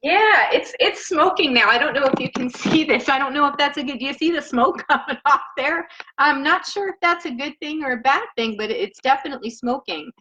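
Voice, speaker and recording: A woman's voice: sits high, lively intonation, brisk, sharp tone, dull audio. A woman hosting a casual cooking show from her home kitchen, rambling and laughing often as she cooks, recorded through a laptop microphone. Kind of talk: casual live cooking chat. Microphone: laptop mic.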